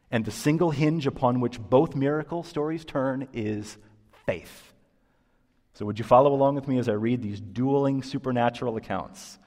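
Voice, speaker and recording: A man pastor delivers an animated, emphatic sermon in a middle register. His voice carries a long reverb through a church sanctuary. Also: mid-range voice.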